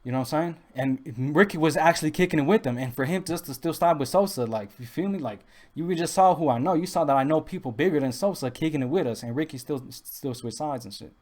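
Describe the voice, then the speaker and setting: A man's voice: fairly high pitch, fast, a little mellow. A young man, telling rambling stories casually with lots of restarts and street slang. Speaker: podcast host. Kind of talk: casual storytelling.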